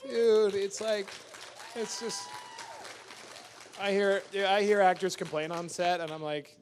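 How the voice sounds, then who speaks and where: Animated man ranting at a convention panel. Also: sits high, unhurried, pauses often, crowd noise, background noise. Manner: emphatic, animated ranting with laughs. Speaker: actor guest at a fan convention panel. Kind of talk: casual convention Q&A.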